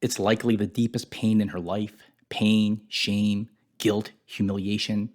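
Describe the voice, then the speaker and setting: A man giving a reflective devotional Bible teaching, dropping his voice softly on painful words. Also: fairly low pitch, flat delivery, unhurried.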